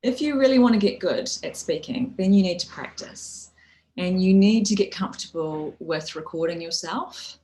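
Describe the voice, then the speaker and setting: A woman's voice: fairly low pitch, animated, normal speed, mellow, low-quality recording. A woman with a New Zealand accent giving practical, friendly advice on public speaking, often restarting phrases and adding "you know". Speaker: speaking coach. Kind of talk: instructional talk on public speaking.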